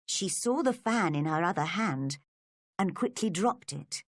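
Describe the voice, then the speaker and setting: A woman narrating a storybook for English learners in a clear, deliberate reading. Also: fairly low pitch, lively intonation, no room sound, clean studio sound.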